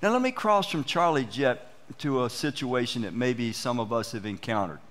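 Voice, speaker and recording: Lively man preaching a sermon. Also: medium pitch, normal speed. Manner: animated storytelling, acts out quoted exchanges. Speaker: pastor. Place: church.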